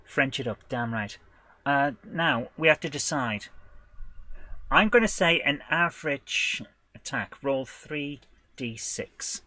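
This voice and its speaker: A man designing a tabletop game live, thinking aloud in a hesitant, halting way, stopping and correcting himself, with bursts of excitement when an idea lands. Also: medium pitch. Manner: hesitant, halting, full of restarts and self-corrections. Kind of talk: thinking aloud while working.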